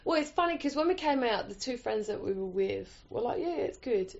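A woman's voice: a little high, lively intonation, fairly quick, gravelly. A woman chatting casually as co-host, chatty and eager to agree. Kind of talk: casual chat. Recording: muffled lo-fi recording.

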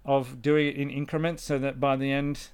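A man's voice: medium pitch, flat delivery, normal speed, clear, resonant tone. A man hosting a podcast in casual chat, rambling with restarts. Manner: chatty, rambling, with restarts and laughter. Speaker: podcast host.

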